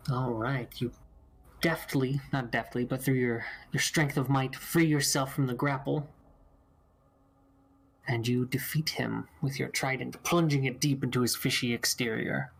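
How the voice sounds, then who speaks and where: A man with a gravelly edge to his voice runs a tabletop game over voice chat. He narrates outcomes and calls for rolls in a relaxed, chatty way, at an ordinary pitch. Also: measured pace. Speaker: dungeon master.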